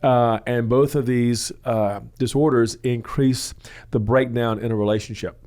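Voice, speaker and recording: A man hosts a church counseling show and explains things at length in a loose, rambling way. He pauses often with "uh" and "you know" and sometimes acts out the people he describes. His pitch sits in the middle range for a man. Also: fairly even intonation, a little mellow. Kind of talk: teaching talk on a question-and-answer show.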